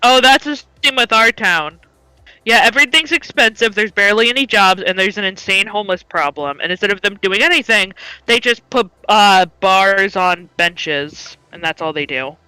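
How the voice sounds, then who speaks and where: A young woman telling stories in casual chat, laughing and swearing as she goes. Her voice is bright and crisp. The sound is dry, close to the mic. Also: medium pitch, expressive, normal speed, dry recording, faint music behind, rough recording. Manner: chatty storytelling, laughing, swearing freely. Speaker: podcast co-host.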